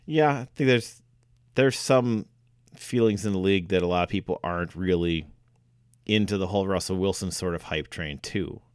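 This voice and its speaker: A man's voice: sits low, moderate pace, smooth, no echo, clean studio sound. A man co-hosting a sports podcast, talking football casually with frequent fillers and restarts. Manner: hesitant, many fillers and restarts.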